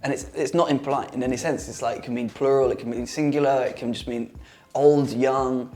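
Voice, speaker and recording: A man's voice: mid-range voice, fairly even intonation, brisk, darkish tone. A man with a British accent co-hosting a casual chat in an office, telling anecdotes animatedly and laughing through them. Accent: British English. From Britain. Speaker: co-host.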